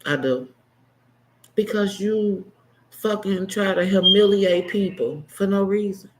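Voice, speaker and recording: A man in his fifties, speaking slowly with a voice that sits high, gives an unscripted, emotional vlog monologue against a noisy background. He's blunt and impassioned, swinging between heated outbursts and hushed, choked-up asides.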